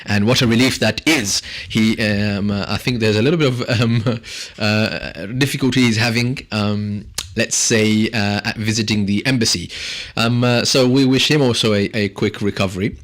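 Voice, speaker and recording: A man's voice: on the low side, fairly even intonation, moderate pace, hardly any pauses, fairly bright tone. A man hosting a radio talk show from a studio, chatting in a jokey, rambling way and laughing often. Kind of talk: casual radio chat.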